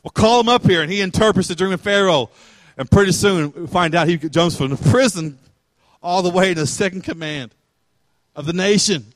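A man's voice: sits high, normal speed, no room sound. A male pastor preaching a sermon in a conversational way, asking questions and retelling scripture in everyday words.

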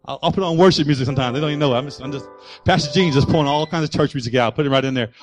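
A man's voice: fairly high pitch, rapid-fire, faint music behind. A man preaching a sermon as pastor, with rising and falling emphasis and acted-out voices.

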